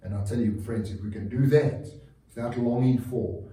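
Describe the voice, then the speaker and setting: A man's voice: mid-range voice, normal speed, warm tone. Earnest preaching man, distant roomy sound. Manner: earnest, repetitive preaching with frequent restarts. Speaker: pastor. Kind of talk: sermon.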